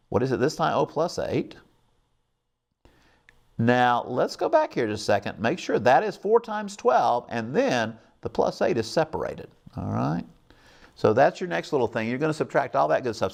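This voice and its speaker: A man's voice: fairly high pitch, gravelly. A middle-aged man hosting a televised math lesson, upbeat and coaxing, often checking in with his viewers. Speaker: math teacher hosting a call-in show.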